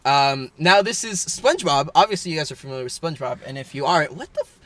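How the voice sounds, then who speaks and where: A man's voice: fairly high pitch, expressive, fast talker, a bit bright. A young man co-hosting a podcast in casual chat, rambling with fillers and laughing often. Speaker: podcast co-host.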